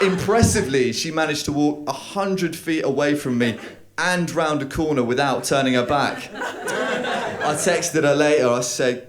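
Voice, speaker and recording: A young man from London with a London accent, telling stand-up stories with hesitant fillers and deadpan delivery. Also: on the high side, a little slow, crowd noise. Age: young adult. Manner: deadpan storytelling with hesitant fillers and bursts of put-on voices. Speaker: stand-up comedian. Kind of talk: stand-up comedy set. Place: comedy club stage with live audience. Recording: live room with loud audience laughter. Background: audience laughing.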